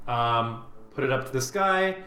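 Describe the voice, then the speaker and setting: A man's voice: mid-range voice, animated, measured pace, pushed and bright, roomy sound. Joking man playing a tabletop game. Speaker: player. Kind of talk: tabletop game play, casual.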